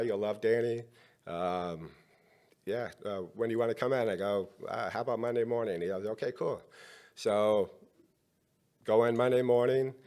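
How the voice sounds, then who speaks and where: Middle-aged male podcast guest, lowish voice, animated storyteller who acts out the dialogue. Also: clean tone.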